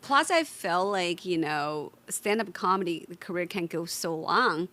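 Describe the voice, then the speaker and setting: Woman comedian with halting phrasing. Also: lowish voice, expressive, pushed and bright. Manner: earnest, halting, non-native phrasing. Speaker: comedian guest. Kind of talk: casual chat.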